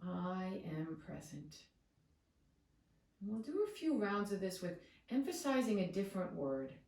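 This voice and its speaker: A woman yoga teacher leading a guided breathing meditation with slow, soothing cues. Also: mid-range voice, very animated, a little mellow, distant mic. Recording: echoey room, away from the mic.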